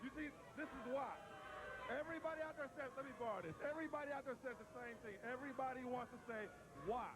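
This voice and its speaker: A man's voice: very high voice, fast talker. A man cutting a brash wrestling promo in a TV studio, repeating himself and taunting the crowd. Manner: brash, repetitive trash talk.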